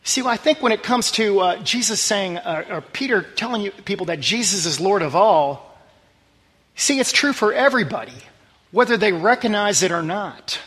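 Here a man preaching as pastor sounds expressive and earnest at a normal pace, with a breathy edge to his voice. Scripture verses come out low and quiet, and a long reverb tail trails each phrase.

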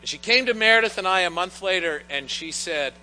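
Bright-voiced man preaching in a reverberant church. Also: sits high, expressive, a little fast. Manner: earnest, storytelling with personal anecdotes. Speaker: pastor. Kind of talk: sermon. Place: church sanctuary. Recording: long church reverb, faint mains hum.

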